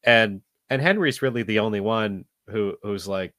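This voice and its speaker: A low-pitched man chatting casually on a podcast, meandering through his thoughts with lots of "you know" and restarts. His voice is recorded close and dry, with no room sound. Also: normal speed, a bit bright, no room sound. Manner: rambling, many fillers and restarts. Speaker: podcast co-host. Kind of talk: casual movie discussion.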